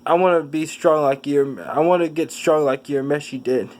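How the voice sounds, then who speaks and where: A man's voice: on the high side, fairly even intonation, darkish tone, close to an everyday voice. A man voicing an eager young fighter. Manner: halting, stumbling over words. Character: earnest young male fighter, admiring and eager.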